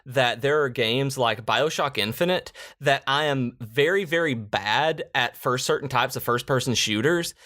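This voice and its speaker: Man, podcast co-host, casual chat, animated storytelling, mid-pitched voice. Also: unhurried, hardly any pauses. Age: adult, married. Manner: animated storyteller, jumps to shouts when acting out quotes.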